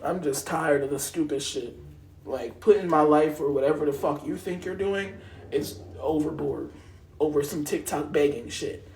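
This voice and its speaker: A man's voice: fairly high pitch, moderate pace, a little mellow, slight background noise. A man from Harrisburg, Pennsylvania, ranting into his phone on a live stream, heated and profane. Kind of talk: angry live-stream rant.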